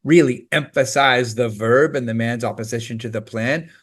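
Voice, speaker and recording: A man's voice: mid-range voice, normal speed. Upbeat male test-prep teacher. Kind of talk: scripted instructional explanation.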